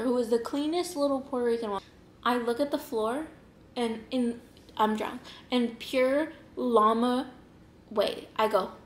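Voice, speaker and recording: A young woman hosting an eating show, telling a rambling story in a casual, animated way, acting out what people said and laughing often. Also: a little high. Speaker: mukbang host. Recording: roomy echoing room.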